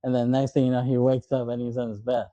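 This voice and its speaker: Guy in his 30s chatting about a movie, really dark mellow voice, dry close sound, does little voices for the characters. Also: medium pitch, no room sound, lo-fi sound. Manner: animated, acts out movie lines in quick impressions. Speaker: podcast co-host. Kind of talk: casual chat recapping a movie.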